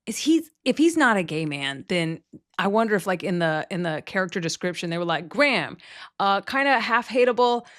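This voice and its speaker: A woman from Texas hosting a podcast in casual chat, animated and jokey, often acting out quotes. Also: on the low side, fairly quick, no room sound, clean studio sound. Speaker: podcast host.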